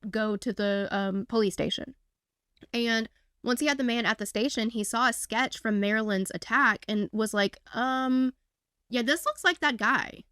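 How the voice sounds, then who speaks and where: A woman's voice: on the high side, bright, forceful tone, dry recording. Dry, sarcastic woman podcaster. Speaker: true crime podcast co-host. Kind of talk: casual conversational storytelling.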